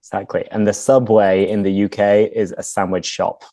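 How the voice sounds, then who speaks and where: British man, English teacher hosting an interview, mellow mid-pitched voice, dry studio sound. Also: moderate pace, no room sound. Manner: relaxed, laughs along, explains plainly. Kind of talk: casual interview chat.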